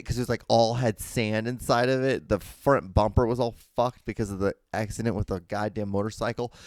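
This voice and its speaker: A man's voice: lowish voice, darkish tone, dry recording. A man in his thirties hosting a solo podcast, telling a long story in a rambling, profane way full of restarts. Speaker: podcast host.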